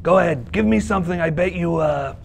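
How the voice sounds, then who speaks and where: An actor playing a crude, brash, teasing spaceship pilot in a comedy sketch. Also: male voice, on the high side, fairly quick, gravelly, slight background noise.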